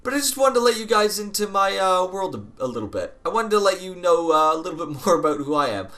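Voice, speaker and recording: A man's voice: sits high, very animated, fast talker, bright, forceful tone. A man hosting a gaming video, telling a long casual story in a rambling, profane way while playing. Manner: rambling, profane, often laughing. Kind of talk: casual storytelling over gameplay.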